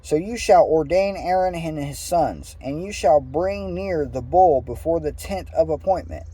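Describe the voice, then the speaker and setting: Man, dark husky voice, lively pitch, casual scripture reading with asides. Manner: reads aloud with stumbles and asides. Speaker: Bible reader.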